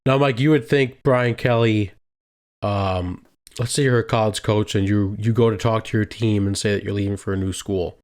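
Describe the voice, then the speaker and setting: A man's voice: fairly low pitch, moderate pace. A young man co-hosting a casual podcast, steadily leading the topics and asking his co-host questions. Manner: steady, leads the segments, asks questions. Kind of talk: casual chat.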